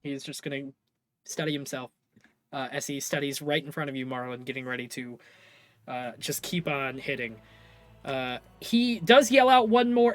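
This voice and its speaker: A man's voice: fairly high pitch, faint music behind. A man narrating as game master, livening up his storytelling and correcting himself on the fly. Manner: animated, quick self-corrections.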